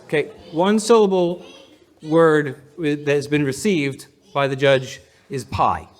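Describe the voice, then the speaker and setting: Pastor, male, high voice, leads a clapping game with the congregation, playful and laughing. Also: unhurried. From United States. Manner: playful, laughing, counting in the crowd. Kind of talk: leading a congregation in a rhythm game. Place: church hall with a congregation.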